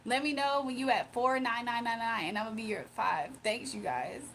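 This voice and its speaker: A young woman from Virginia hosting a casual livestream, reading comments aloud, emotional and quick to laugh. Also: on the high side, a bit bright, slight background noise. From Virginia, USA. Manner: emotional, giggly, talks to chat. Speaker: livestream host.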